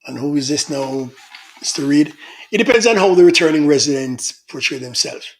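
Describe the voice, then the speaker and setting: A man's voice: a little high, expressive, moderate pace. A middle-aged man hosting a casual livestream, reading out viewer comments in a chatty, teasing manner. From Jamaica. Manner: chatty, teasing, laughs often.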